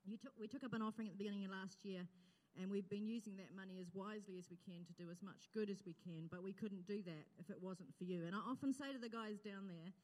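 A woman's voice: medium pitch, quick pace, hardly any pauses, darkish tone. A woman leading church outreach, talking to a congregation in a chatty, grateful way with fillers and laughs. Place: church auditorium. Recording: long reverb in a large hall.

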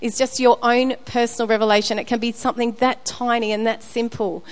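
A woman's voice: fairly high pitch, flat delivery, brisk, in a large hall. A woman giving a candid sermon at church, sharing a personal testimony with frequent restarts and fillers. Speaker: speaker at church.

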